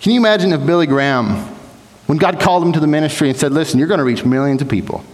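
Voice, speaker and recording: A man's voice: a little high, very fast. A young man preaching a sermon in a church sanctuary, earnest and exhorting, sometimes restarting his words. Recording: long hall reverb.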